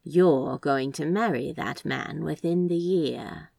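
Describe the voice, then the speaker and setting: A woman voicing a shrewd, knowing woman who speaks slowly and deliberately in an audiobook reading. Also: low-pitched, vocal fry, darkish tone, no room sound, studio quality, full character voice. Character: shrewd knowing woman, fortune-teller type.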